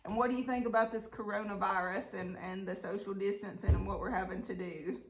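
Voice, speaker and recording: A woman's voice: mid-range voice, steady tone, brisk. A woman with a Southern US accent teaching an online art lesson, giving friendly step-by-step directions. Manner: friendly, chatty, step-by-step instructions.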